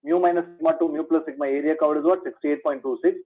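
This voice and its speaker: A man's voice: on the high side, fairly even intonation, very fast, breathy edge. A man giving a maths revision lecture. He repeats each point as a question to his students and calls them "my dear". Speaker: maths teacher. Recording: tinny phone-like lo-fi sound.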